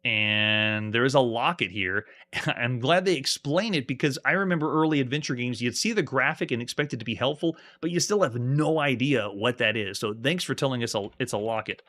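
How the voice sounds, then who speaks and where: A man's voice: medium pitch, a little fast, fairly bright tone. A man streaming a live playthrough of an old adventure game, reading the screen text aloud and chatting with viewers between commands. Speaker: streamer playing retro games. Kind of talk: live gameplay commentary.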